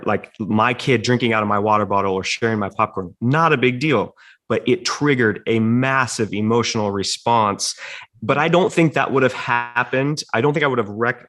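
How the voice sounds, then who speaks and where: A man's voice: on the low side, normal speed. A middle-aged man, a podcast guest, candidly and reflectively telling a personal story in casual chat. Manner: candid, self-reflective, animated retelling.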